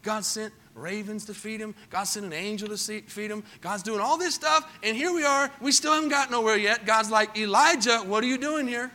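High, bright-voiced preacher. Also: male voice, moderate pace, few pauses. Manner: swings from hushed storytelling to loud emphatic preaching; asks the congregation questions. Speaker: pastor. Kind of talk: sermon.

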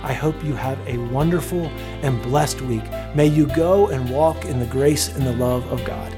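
A man, a pastor preaching a sermon and telling a story, rising to loud exclamations and falling soft. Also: mid-range voice, normal speed, music in the background. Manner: earnest storytelling, builds to loud exclamations then drops soft.

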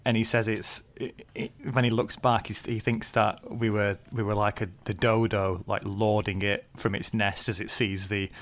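A man with a fairly low voice and speech co-hosts a relaxed book discussion. He talks thoughtfully, with lots of "ums" and easy laughter. He often breaks off to restart a sentence. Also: normal speed, few pauses. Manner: thoughtful, many fillers, laughs easily. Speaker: podcast co-host.

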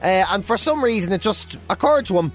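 A man co-hosting a radio chat show who tells stories in a jokey, animated way. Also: high voice, a little fast, faint music behind. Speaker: radio co-host. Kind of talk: casual chat.

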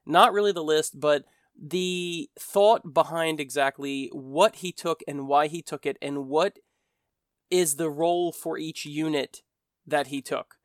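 A man's voice: on the high side, fairly even intonation, measured pace, dry recording, clean studio sound. An American man hosting a podcast, talking in a rambling, conversational way that often corrects itself mid-sentence. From United States. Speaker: podcast host. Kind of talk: casual monologue podcast.

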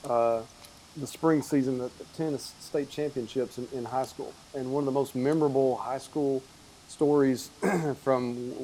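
A man hosting a casual chat, telling an amused story in a relaxed way. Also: medium pitch, rough recording.

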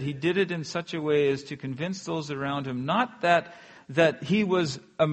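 A man preaching a sermon earnestly, letting his voice fall softly at the ends of phrases. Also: on the high side. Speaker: pastor.

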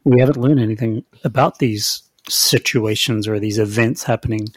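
A man's voice: on the low side, normal speed, no room sound. Man, podcast host, casual review chat, chatty and hedging, dry close-mic sound.

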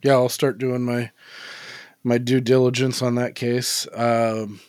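A man's voice: medium pitch, level tone, slow, a little mellow, dry recording, studio quality. A man co-hosting a podcast in casual chat, laid-back, swearing freely and full of "like" fillers. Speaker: podcast co-host.

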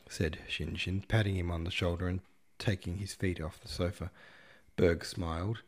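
A man's voice: deep voice, steady tone, moderate pace. A man narrating a classic novel in a wry, slangy retelling. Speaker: podcast host reading a novel. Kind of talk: audiobook narration.

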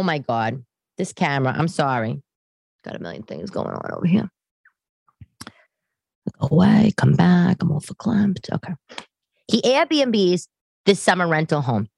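A low-voiced woman in her thirties, a New York podcast host, speaks to camera from her living room in a loose, self-mocking monologue. Her home camera setup picks up no echo.

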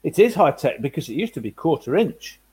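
A man co-hosting a casual chat, joking and quick with banter. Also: on the high side, big pitch swings, a little mellow, breathy edge. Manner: joking, puts on mock race commentary. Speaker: co-host.

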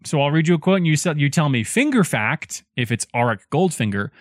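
Guy reading quiz quotes, kinda high and bouncy voice, lots of ums, dry sound. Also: lively intonation, a little fast, no room sound. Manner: reads quotes aloud, hesitant with many ums. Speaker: guest running a quiz game. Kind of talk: casual podcast chat. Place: home studio with headphones.

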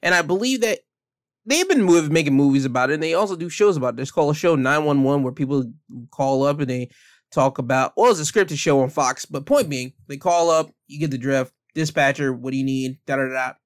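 This is a man ranting his opinions straight at the listener. He is blunt and heated and hits each point with emphasis. His voice sits somewhat high and sounds close and dry. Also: brisk, dry recording. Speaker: commentator. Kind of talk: casual opinion rant.

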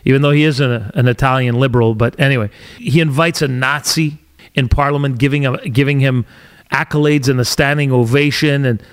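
A middle-aged Canadian man hosting a solo podcast, rambling and sarcastic, often restarting his sentences. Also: medium pitch. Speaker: podcast host.

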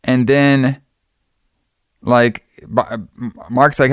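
A man's voice: medium pitch, slow, creaky, no echo, studio quality. A man casually retelling a film's plot, full of fillers and quoted lines.

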